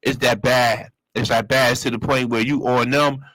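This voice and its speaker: A man's voice: mid-range voice, steady tone, moderate pace, a bit bright, no room sound, poor audio. A man casually telling a personal story in slang, acting out other people's voices as he goes. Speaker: storyteller host.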